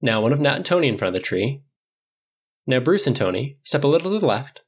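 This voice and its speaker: Guy doing a hyped pushy young dude, higher and lively, husky, lo-fi. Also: fast talker. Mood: bossy. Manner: excitable, pushy. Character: eager, playful young man, childlike enthusiasm.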